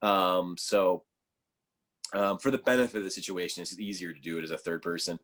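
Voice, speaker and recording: Low-voiced man, casual podcast guest. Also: a little fast, fairly bright tone. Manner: sarcastic sense of humor; loose storytelling full of fillers.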